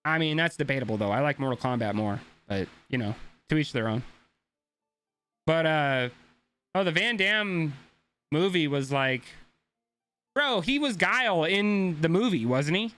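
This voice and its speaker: A man's voice: fairly high pitch, expressive, measured pace, long pauses, a bit bright, soft background music. A young man streaming a game, ranting casually and swearing a lot as he talks to his chat. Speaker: gaming streamer.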